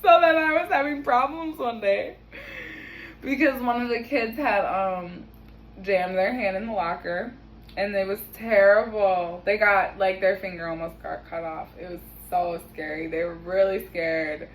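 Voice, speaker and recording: A woman's voice: medium pitch, fairly even intonation, unhurried, a little hiss or hum, rough recording. Chatty laughing young woman. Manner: chatty, laughs often, swears casually. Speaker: vlogger. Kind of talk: casual storytelling. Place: home kitchen.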